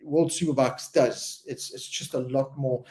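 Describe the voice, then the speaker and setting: A man hosting a casual live-stream chat, talking in a loose and animated way and often repeating words as he tells a story. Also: medium pitch, a little slow. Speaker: host.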